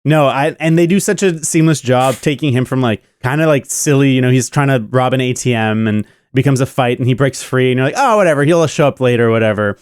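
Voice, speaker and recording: A man's voice: medium pitch, steady tone, a little fast, hardly any pauses, darkish tone, clear, resonant tone, no echo, studio quality. A man co-hosting a podcast, chatting casually and enthusiastically about a movie with lots of fillers. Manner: rambling, enthusiastic, many fillers. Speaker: podcast co-host. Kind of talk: casual movie review chat.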